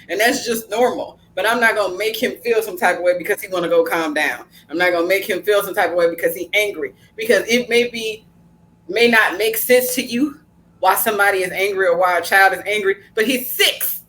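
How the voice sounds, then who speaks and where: A woman's voice: mid-range voice, a little fast, a bit bright, slight background noise, low-quality recording. Blunt, storytelling woman podcast host. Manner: storytelling, acting out family dialogue; frank, blunt, with mild cursing. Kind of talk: casual podcast chat.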